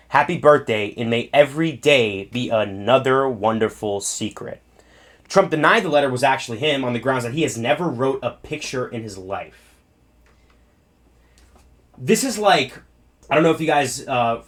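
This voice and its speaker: Brief: male online commentator, mid-pitched, blunt and profane, riffs loosely on news clips. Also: a bit bright. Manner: blunt, profane, rambling asides. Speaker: political commentator. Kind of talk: commentary video.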